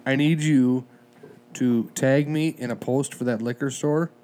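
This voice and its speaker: A man's voice: medium pitch, steady tone, unhurried, mellow. A man co-hosting a casual podcast chat with dry, mock-serious ribbing. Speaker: podcast co-host.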